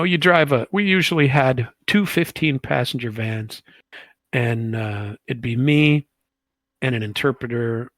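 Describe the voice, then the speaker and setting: A man's voice: medium pitch, husky, no echo. A man in his sixties, an army veteran, telling rambling stories casually with chuckles and plenty of fillers. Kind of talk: casual storytelling.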